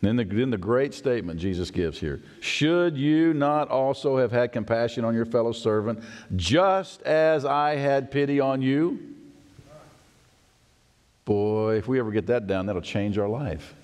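Preaching man in a reverberant church. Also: a little slow. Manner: expressive, acts out quoted voices with rising pitch. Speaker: pastor. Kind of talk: sermon. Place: church sanctuary. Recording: long church hall reverb.

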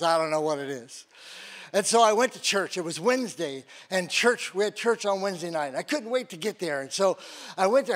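An older man with a high voice preaches by telling his own story. He acts out the other people's lines and laughs along as he goes. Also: a bit bright. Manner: storytelling with acted-out quotes and laughs. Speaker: guest preacher. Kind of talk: sermon with personal testimony.

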